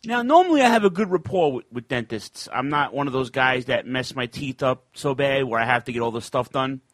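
Animated man in his forties hosting a chat show. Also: mid-range voice, fairly quick, no room sound. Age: 40s. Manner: chatty storyteller, acts out other people's lines. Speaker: radio show host. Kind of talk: casual podcast chat.

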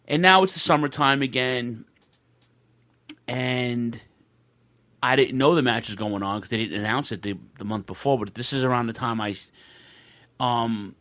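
A rambling, excitable man recounts a story over a video call, stumbling through restarts and swearing as he goes. His voice sits at an ordinary middle pitch, recorded on a home studio microphone. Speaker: podcast guest telling a wrestling fan story.

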